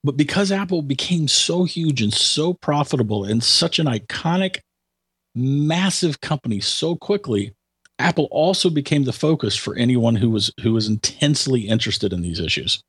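A man's voice: medium pitch, lively intonation, normal speed, breathy edge. A man giving commentary in a casual conversation, hesitating and restarting often before he makes his point. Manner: hesitant, many restarts, then emphatic. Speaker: tech commentator.

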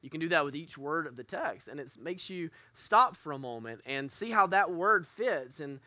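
A man's voice: fairly high pitch, expressive, normal speed, pushed and bright, dry recording, clean studio sound. A man teaching a church group as their pastor, earnest and candid, often restarting his sentences. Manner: earnest, candid, self-deprecating with frequent restarts.

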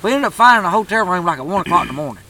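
A man's voice: high voice, sing-song, rapid-fire, bright, forceful tone, low-quality recording. A man telling a turkey hunting story in a drawling, profane, laid-back way. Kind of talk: casual storytelling.

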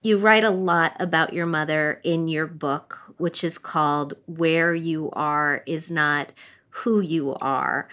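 A woman hosting an interview podcast, asking questions in a measured, conversational way. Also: deep voice, steady tone, fairly bright tone. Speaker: podcast host.

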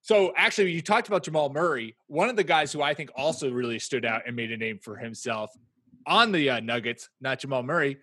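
A man co-hosting a casual podcast chat, animated and joking, rambling through restarts. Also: medium pitch, a little fast, husky, no echo. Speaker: podcast co-host.

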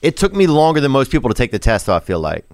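A man hosts a casual interview, circling his questions with restarts and a playful streak. His voice sits at a middle pitch and sounds dry and close to the mic. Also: wildly swooping pitch, very fast, no echo. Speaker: podcast host.

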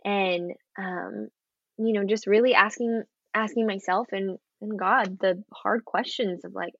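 A young woman, an actress, chatting in an interview and telling an earnest, animated story. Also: medium pitch, unhurried, no room sound, muffled recording. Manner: earnest, animated storytelling with acted quotes and laughs. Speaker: actress guest. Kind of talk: casual interview chat.

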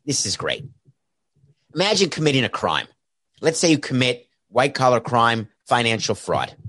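In a home studio outfitted with a camera and soundboard, a sports podcast host speaks into a headset mic with an earpiece. His medium-pitched voice is a bit bright and recorded dry. Hosting alone, he rambles sarcastically with jokey asides.

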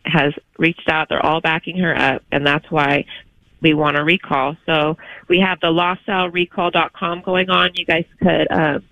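A woman's voice: deep voice, little pitch movement, moderate pace, creaky, dry recording. A woman calling in to a talk radio show as a parent, speaking earnestly and insistently. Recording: muffled phone line.

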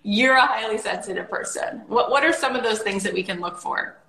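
A woman's voice: mid-range voice, fairly quick, gravelly, pushed and bright. A married woman hosting her own podcast, chatting casually and animatedly with her guest. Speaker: podcast host. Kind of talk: casual interview chat. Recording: roomy echo.

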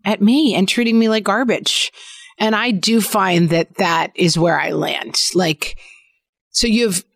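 A woman in her forties co-hosts a podcast, chatting casually and telling stories about parenting at home. Her mid-range voice is creaky, captured in studio quality with no echo.

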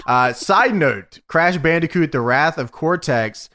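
A man's voice: fairly high pitch, expressive, unhurried, sharp tone. A man co-hosting a podcast, laid-back and profane, jokingly reading out segment intros. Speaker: podcast co-host. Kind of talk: casual chat.

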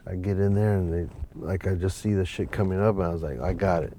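A man's voice: deep voice, fast talker, slight background noise. A man, a photographer guest telling a long story in a casual, profane interview. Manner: profane, animated anecdote with quoted voices.

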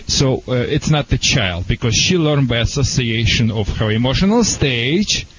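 A man's voice: mid-range voice, lively intonation, moderate pace, slight background noise. A man with a European accent who is not a native English speaker, a behaviorist answering a caller on a call-in radio show, explaining earnestly in broken phrasing. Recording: slightly dull radio broadcast sound.

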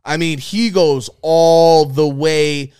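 A man's voice: fairly high pitch, fairly even intonation, slow pace, a little mellow, clean tone, no room sound, clean studio sound. A man hosting a podcast, chatting casually with heavy swearing and frequent laughter. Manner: profane, joking, laughs often. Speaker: podcast host. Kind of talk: casual chat.

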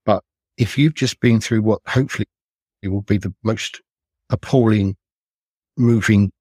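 Husky older man, earnest and low. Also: darkish tone, dry recording. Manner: earnest, measured, reflective storytelling. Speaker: retired police detective, podcast guest. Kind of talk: recounting cases in conversation.

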